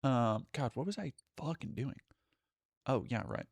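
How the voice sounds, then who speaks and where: A man with a mid-range, expressive voice and some vocal fry talks at a measured pace, with no echo. He's live streaming and chatting casually with viewers, rambling along, cutting himself off, and swearing now and then.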